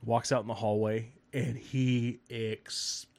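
A man on a casual podcast telling a long story, animated and swearing, laughing as he acts out the people in it. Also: mid-range voice, takes it slowly, creaky. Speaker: podcast host.

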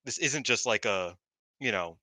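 A man's voice: lowish voice, lively intonation, a little slow, sharp tone, no echo. A man co-hosting a casual chat, rambling and swearing, full of fillers. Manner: rambling, profane, lots of fillers. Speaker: podcast co-host. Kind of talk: casual chat about pro wrestling.

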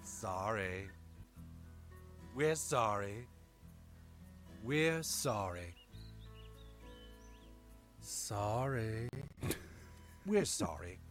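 An actor playing a middle-aged cartoon oil company boss who keeps repeating slow, hollow apologies. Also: male voice, on the low side, expressive, faint music behind. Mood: hollow apology. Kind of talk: cartoon voice acting.

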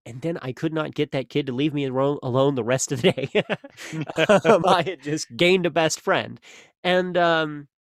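A man's voice: fairly high pitch, moderate pace, no room sound, clean studio sound. A young man co-hosting a podcast, talking in a rambling, casual way with lots of fillers and restarts. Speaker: podcast co-host. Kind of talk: casual conversational chat.

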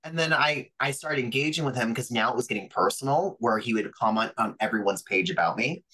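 A young adult man, a pro wrestler guest on a podcast, telling stories in a lively, profane way and acting out other people's voices. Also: mid-range voice, a little fast, breathy edge, poor audio. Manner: animated, profane, acts out quoted voices. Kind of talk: casual interview storytelling.

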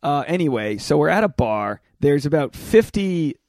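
A man's voice: on the high side, big pitch swings, moderate pace, darkish tone, no room sound, clean studio sound. A man from Rhode Island, a stand-up comic, co-hosting a podcast in casual chat, telling stories and swearing freely. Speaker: podcast co-host, stand-up comedian.

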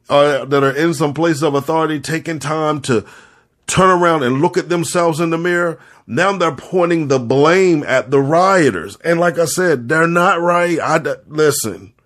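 Earnest man giving a heartfelt talk. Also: fairly high pitch. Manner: earnest, repeats phrases for emphasis; speaks directly to listeners, heartfelt. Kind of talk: impassioned spoken reflection to an audience.

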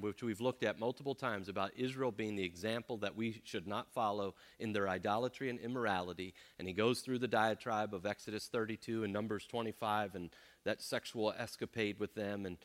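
A man leading an interactive Bible class, animated and acting out people's complaints in voices. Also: fairly low pitch, fairly quick. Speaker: pastor teaching a class.

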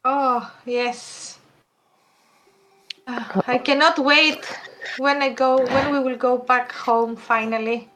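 A woman's voice: high voice, steady tone, takes it slowly, noisy background. A woman voicing a polite young traveller who speaks up to reassure guards.

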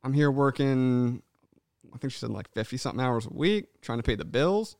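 Animated man hosting a podcast. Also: mid-range voice, fast, creaky, no echo, clean studio sound. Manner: animated, swearing, says "man" often; acts out voices of people in his stories. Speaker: podcast co-host. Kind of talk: casual podcast chat.

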